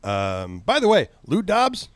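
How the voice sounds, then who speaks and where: A man's voice: high voice, wildly swooping pitch, slow pace, no room sound. A man hosting a podcast, chatting casually with crude, sardonic, profane humor. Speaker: podcast host. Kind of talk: casual chat.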